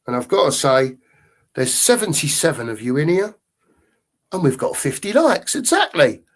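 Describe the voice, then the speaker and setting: A man's voice: on the high side, sing-song, normal speed. A middle-aged man co-hosting a football fan channel, chatting loosely on a live stream and reading out viewer comments. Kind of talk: casual live-stream chat.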